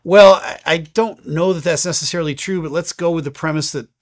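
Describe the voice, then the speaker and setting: A man in his fifties, an airline captain, answers viewer questions in a relaxed, explanatory chat with frequent fillers. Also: fairly high pitch, brisk.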